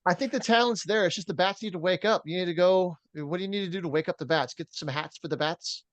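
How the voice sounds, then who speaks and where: A man's voice: sits high, fast talker, no room sound. A man co-hosting a podcast, chatting casually about baseball and reading through stats with plenty of fillers. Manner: reads stats in a steady rundown, with fillers. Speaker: podcast co-host. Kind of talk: casual sports chat.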